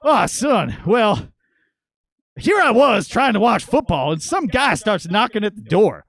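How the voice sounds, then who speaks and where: A man's voice: high-pitched, big pitch swings, unhurried, a bit bright, voice pushed up, heavily acted. A man voicing his hot-tempered middle-aged father, brusque and profane. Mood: gruff.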